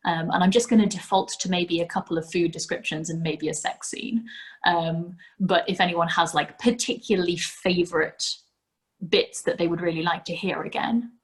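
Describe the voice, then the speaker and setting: A woman's voice: lowish voice, normal speed. A woman hosting a storytime video call, chatting casually and rambling with lots of fillers and restarts. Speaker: storytime host.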